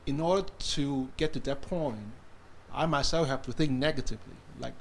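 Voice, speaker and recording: A man in the audience asking a question in a hesitant, halting way. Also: medium pitch, creaky, a little hiss or hum. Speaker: audience member.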